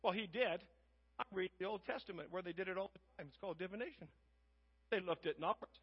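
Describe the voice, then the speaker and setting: Animated preacher man, lo-fi sound. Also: high-pitched, quick pace, slightly rough. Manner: animated, acts out characters in different voices. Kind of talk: sermon retelling a Bible story.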